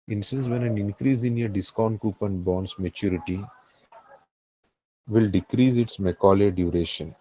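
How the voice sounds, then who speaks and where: Low, mellow Indian-accented male finance tutor. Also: no room sound, rough recording. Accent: Indian English. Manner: repeats phrases, checks understanding. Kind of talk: live classroom lecture.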